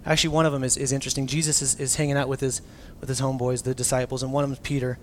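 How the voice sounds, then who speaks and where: A man preaching a casual, animated sermon as a pastor, swinging from loud emphasis down to near-whispers and acting out quotes. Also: medium pitch, racing, a little hiss or hum.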